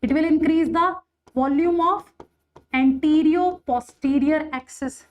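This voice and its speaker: A high-pitched woman with an Indian English accent lectures on biology. She repeats each key point, and checks in with her students often. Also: measured pace, lo-fi sound. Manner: addresses students with Hindi endearment "bache". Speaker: biology teacher. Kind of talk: online exam-prep lecture.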